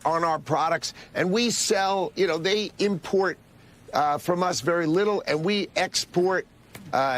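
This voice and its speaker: A man's voice: on the high side, fairly bright tone. A man on a played TV clip, defending trade policy with insistent, repeated talking points. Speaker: political commentator in a clip. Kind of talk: TV political interview.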